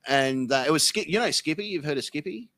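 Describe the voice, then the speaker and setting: A man's voice: fairly high pitch, fast talker, no echo. Swearing Australian man, dry sound. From South Melbourne, Australia. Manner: swearing, deadpan tall tales. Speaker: interview guest. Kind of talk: casual podcast chat.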